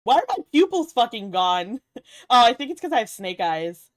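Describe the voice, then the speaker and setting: Sing-song and on the high side, this VTuber's voice moves at a moderate pace in a clean studio recording with no room sound. The young woman is playful and giggly with her viewers, teasing and swearing often, though she seems a little tired.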